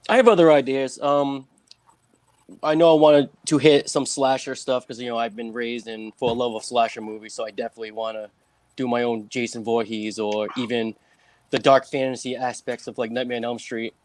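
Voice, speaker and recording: A man's voice: medium pitch, little pitch movement, fairly quick, a little mellow, no echo. A man with a New England accent, a guest author in a casual video-call interview, rambling with many fillers and chuckles.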